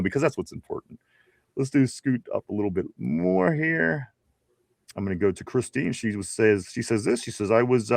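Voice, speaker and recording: A man's voice: medium pitch, no room sound, studio quality. A man with a Pittsburgh accent hosting a casual live stream, reading viewer comments aloud with frequent laughs. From Pittsburgh area. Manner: laid-back, laughs often, reads chat messages aloud. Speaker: podcast host.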